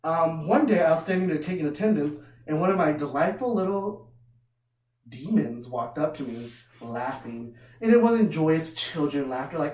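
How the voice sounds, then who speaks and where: A woman's voice: low-pitched, expressive, normal speed, darkish tone. A woman doing stand-up comedy, telling loose, self-mocking stories and laughing often. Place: small comedy venue. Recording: roomy room heard from far off.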